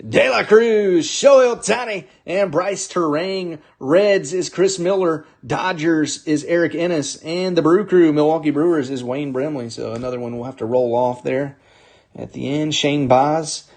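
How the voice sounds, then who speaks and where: A man's voice: fairly high pitch, steady tone, normal speed, darkish tone. A man hosting a live sports card break, upbeat as he calls out players and teams while opening packs.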